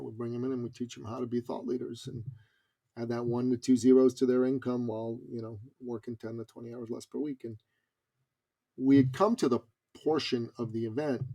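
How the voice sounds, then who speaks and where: A man's voice: medium pitch, gravelly, mellow. A middle-aged man telling a personal story as a podcast guest, earnest and emphatic. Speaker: podcast guest, business coach.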